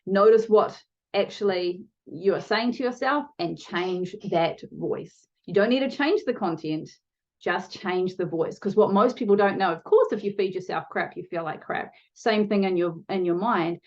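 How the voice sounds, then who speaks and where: A woman's voice: medium pitch, moderate pace, lo-fi sound. A woman coaching viewers in a motivational video lesson, talking to them directly and shifting her pace for emphasis. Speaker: online challenge coach.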